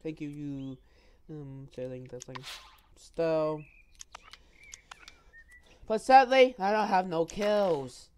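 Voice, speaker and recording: A woman's voice: deep voice, slow, long pauses, darkish tone, a little hiss or hum. A woman recording herself playing an online VR game, joking around and trash-talking other players in casual chat. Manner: joking trash talk with repeated phrases.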